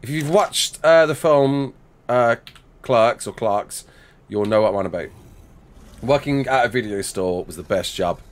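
A man's voice: medium pitch, expressive, a little slow. A man in his thirties chatting casually with his livestream chat while building in a game, reacting with laughs and sudden outbursts.

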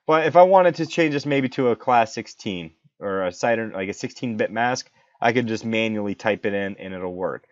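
A man's voice: lowish voice, no room sound. Male tech instructor, casual and eager, dry close sound with a dull, muffled edge. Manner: chatty, enthusiastic, reads out numbers step by step. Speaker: network instructor. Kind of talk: screen-recorded software tutorial.

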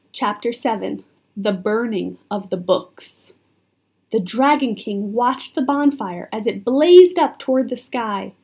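A woman's voice: mid-range voice, a little mellow, slightly rough. A woman reading a children's book aloud expressively, sometimes turning to talk directly to the listener. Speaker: storyteller.

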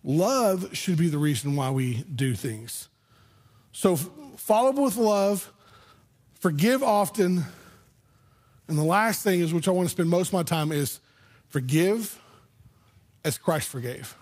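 A man's voice: high-pitched, expressive, a little slow, pauses often, darkish tone. A man pastor preaching a sermon in a conversational way, often restarting his words. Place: church sanctuary.

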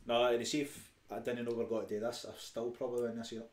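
A man's voice: medium pitch, level tone, quick pace, darkish tone, slight background noise. Laid-back Scottish man, echoey room. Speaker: co-host. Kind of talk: casual chat.

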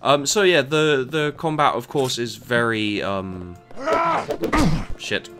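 A man plays and reviews a game while offering casual, rambling commentary, frequently stumbling over and repeating his words and muttering asides. His mid-range voice has a sharp tone, he takes things slowly, and faint music plays behind him.

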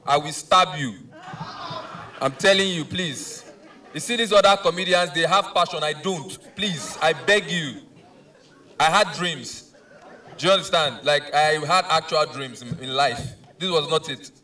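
Nigerian male stand-up, begging-then-ranting delivery, slightly high pitch, distant from mic. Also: unhurried, sharp tone. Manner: pleading mock threats, switching into Pidgin rants. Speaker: stand-up comedian. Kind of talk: live stand-up comedy.

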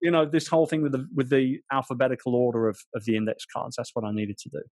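Animated British man telling stories. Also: mid-range voice, fast, no room sound, clean studio sound. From England. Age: 40s. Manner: animated storyteller, frequent restarts. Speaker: author guest. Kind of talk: storytelling interview chat.

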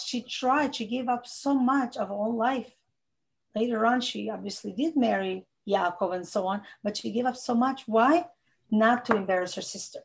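A woman's voice: fairly high pitch, creaky. A middle-aged woman with a non-native English accent, giving an informal Torah talk to a women's class, earnest and repeating phrases for emphasis. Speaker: rebbetzin teaching a women's class.

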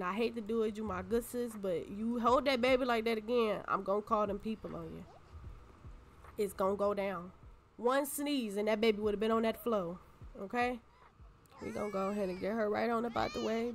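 Young woman w/ aave doing sassy let's play chat, kinda high pitched, little bit of background noise. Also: fairly even intonation, moderate pace, pauses often. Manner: sassy, playful, voices her game characters. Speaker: gaming YouTuber. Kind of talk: casual gameplay commentary.

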